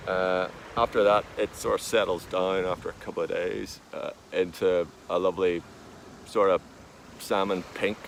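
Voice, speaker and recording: An Irish man in a deadpan comic monologue, talking slowly with many drawn-out fillers, recorded outdoors with wind noise behind him. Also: deep voice, vocal fry. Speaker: vlogger.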